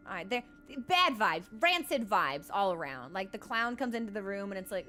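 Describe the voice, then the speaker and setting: A woman streaming a game, chatting casually and telling animated stories full of "like" and quick laughs. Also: mid-range voice, soft background music. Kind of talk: casual live-stream chat.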